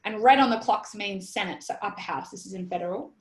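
An Australian woman in her thirties telling a story in an interview, animated and blunt, quoting herself and swearing freely. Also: medium pitch, fast talker. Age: 30s. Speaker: guest. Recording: roomy echoey sound.

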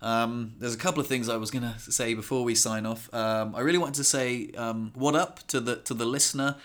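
A man's voice: mid-range voice, fairly even intonation, fairly quick, a bit bright. Rambling man co-hosting a podcast. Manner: rambling, self-repeating, many fillers. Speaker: podcast co-host. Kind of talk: casual chat. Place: indoors, in-person podcast recording.

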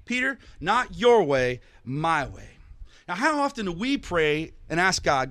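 A man in his thirties preaching a sermon in a loose, conversational way, acting out little bits of dialogue with a grin in his voice. His tone is bright and forceful, and the recording is close and dry. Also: on the high side, a little slow, no room sound. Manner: conversational, animated, acts out dialogue with jokes. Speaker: pastor.

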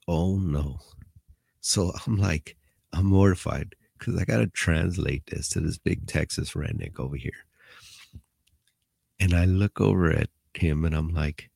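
A man's voice: extremely low pitch, measured pace, vocal fry, a little mellow, husky, dry recording. A man hosting a podcast, telling a prison story in a laid-back, profane way with bits of Spanish. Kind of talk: casual storytelling.

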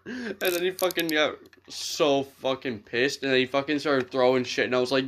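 Bright-voiced teen guy ranting. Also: mid-range voice, normal speed. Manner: rambling, heavy on fillers and swearing. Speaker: gamer chatting with friends. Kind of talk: casual voice chat while gaming.

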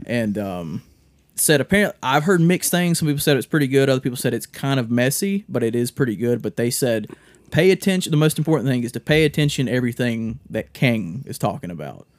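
A man's voice: mid-range voice, animated, a little fast, no echo. A man co-hosting a casual podcast, rambling and restarting his sentences and swearing freely. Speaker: podcast co-host. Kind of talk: casual chat.

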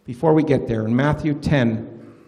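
A man preaching a sermon, animated and quizzing his listeners with questions. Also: mid-range voice, moderate pace, in a large hall. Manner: animated, asks the congregation questions.

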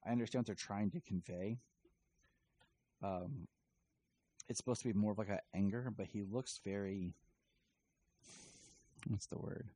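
Brief: casual male comic reviewer, deep, mellow, slightly breathy. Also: a little slow, long pauses, low-quality recording. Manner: rambling, filler-heavy retelling. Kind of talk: casual chat.

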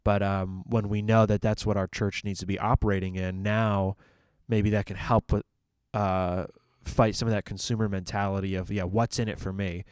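A man from a church ministry talks through faith topics in a relaxed, thinking-aloud way, pausing on fillers and restarting his sentences. His voice sits fairly low. The sound is dry and close, with no room echo. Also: clear, resonant tone. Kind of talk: casual faith discussion.

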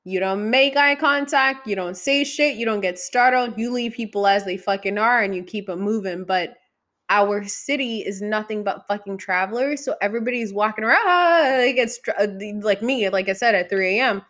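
A woman in the middle of her pitch range, telling stories in a loose, unfiltered way. She swears freely and swings from loud bursts to soft, trailing asides. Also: normal speed. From San Diego area. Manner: frank, profane, animated, jumps between loud outbursts and quiet asides. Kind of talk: casual storytelling monologue.

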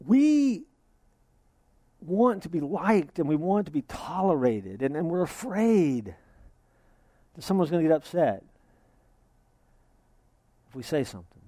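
Brief: male preacher, fairly high voice, dry close recording, acts out imagined congregants. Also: big pitch swings, measured pace, long pauses, dark tone, dry recording. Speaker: pastor. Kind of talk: sermon.

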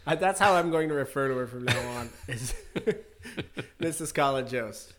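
A man co-hosting a casual podcast, guessing songs, animated and incredulous, laughing often. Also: medium pitch, measured pace. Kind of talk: casual chat. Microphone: headphones and microphone.

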